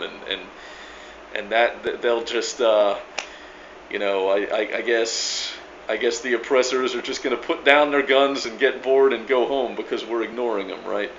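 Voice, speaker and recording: A man's voice: mid-range voice, moderate pace, pushed and bright. A man making a casual video reply, rambling and emphatic, with many stammered restarts and frequent swearing. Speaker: video blogger replying to another creator. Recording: dull lo-fi sound with faint background noise.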